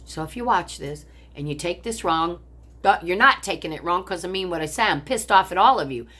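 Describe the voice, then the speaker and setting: An older American woman speaks briskly in a fairly low, animated voice with a sharp edge. The vlogger sits at home looking onto a pond, ranting profanely and bitterly into her phone camera about her family.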